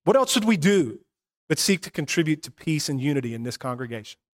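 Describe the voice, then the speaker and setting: A pastor preaching a sermon, earnest, moving between hushed and emphatic passages. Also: male voice, fairly high pitch, big pitch swings, fast.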